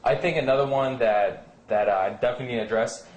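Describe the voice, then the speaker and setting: A man's voice: mid-range voice, fast, a little mellow. A man talking as a fitness coach in a casual advice chat, rambling with many fillers and acting out what friends might say. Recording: echoey room.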